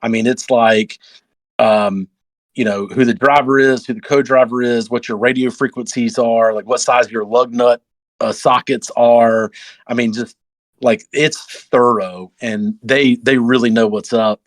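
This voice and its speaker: A man's voice: mid-range voice, fairly even intonation, unhurried, dry recording, low-quality recording. Young man, podcast guest, rambling story, mid voice, dry close mic. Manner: rambling, heavy fillers, acts out others' lines. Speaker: podcast guest, off-road racer. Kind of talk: casual storytelling chat.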